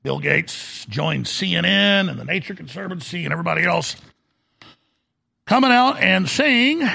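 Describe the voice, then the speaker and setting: A man's voice: high voice, animated, moderate pace, vocal fry, bright, forceful tone, breathy edge. A man hosting a talk show, delivering a sarcastic, combative rant. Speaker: talk radio host. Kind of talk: ranting talk show monologue.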